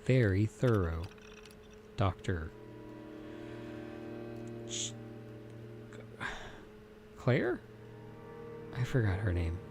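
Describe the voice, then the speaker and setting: Slow-talking man narrating his gameplay. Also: fairly low pitch, animated. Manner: chatty, muses aloud while reading game menus. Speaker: let's play host. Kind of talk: casual gameplay commentary. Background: game music.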